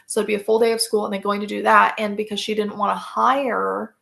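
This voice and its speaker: A woman's voice: mid-range voice, level tone, brisk, vocal fry, fairly bright tone. A woman, a podcast guest, telling personal stories in a casual, rambling way, full of fillers and restarts.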